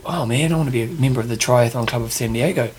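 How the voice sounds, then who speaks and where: A man co-hosting a casual chat, playful and teasing, easily excited. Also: mid-range voice, fast talker, slight background noise. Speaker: podcast co-host. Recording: music playing in the background.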